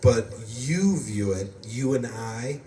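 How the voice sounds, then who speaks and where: He's an American podcast host with a medium-pitched, warm voice, animated yet slow-paced, who tells rambling stories in easygoing chat and laughs a lot. Faint background noise and a distant mic give the recording a roomy feel.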